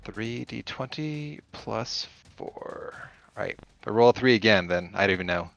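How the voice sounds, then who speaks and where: A man's voice: on the low side, lively intonation, normal speed, gravelly, fairly bright tone. A man playing in a tabletop game, chatting about rolls with wry asides. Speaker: player.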